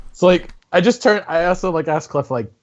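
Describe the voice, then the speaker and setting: A man's voice: high voice, a little fast, dull audio. A man playing a tabletop game, joking and slipping into his character's voice. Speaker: player. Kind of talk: casual tabletop play.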